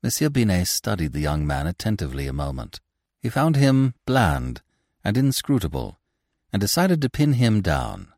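Male audiobook narrator, deep voice, very animated pitch, dry close recording. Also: moderate pace, no room sound.

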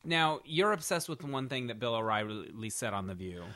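A man with a bright, forward voice chats in a laid-back, dry way. He is quick to laugh along with his co-host. The sound is dry and close to the mic. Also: medium pitch, lively intonation, no room sound. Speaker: podcast co-host. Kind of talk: casual comedic chat.

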